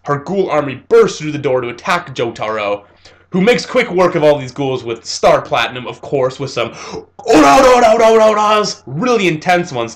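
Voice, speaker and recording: Young male reviewer, slightly high voice, casual and animated recap. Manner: animated retelling with fillers and laughs. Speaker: anime reviewer.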